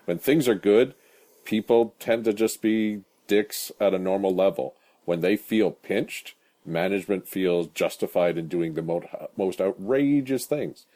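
Very deep-voiced male co-host. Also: measured pace, dark tone. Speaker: podcast co-host. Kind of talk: casual podcast chat.

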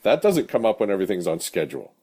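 Very deep-voiced male co-host. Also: very animated, fast talker, mellow. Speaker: podcast co-host. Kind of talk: casual podcast chat.

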